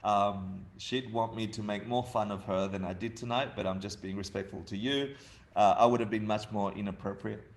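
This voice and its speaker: A man's voice: on the low side, fairly even intonation, normal speed. A man in his fifties from Argentina giving a humorous dharma talk, telling family stories with frequent laughter. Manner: laughing, storytelling, chatty. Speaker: dharma teacher.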